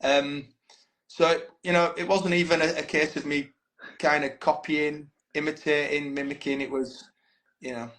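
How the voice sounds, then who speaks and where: The band frontman speaks unhurriedly and flatly in a voice on the high side, a bit bright, over poor audio. Guesting on a laid-back podcast, he shares stories frankly, swears freely and keeps saying "mate."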